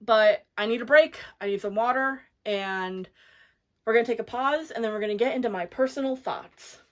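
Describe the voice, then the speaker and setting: A woman's voice: on the high side, normal speed. A woman talking casually and eagerly about a book she loves, full of "like" fillers. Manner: chatty and enthusiastic, many "like" fillers. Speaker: book reviewer. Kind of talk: casual book review chat.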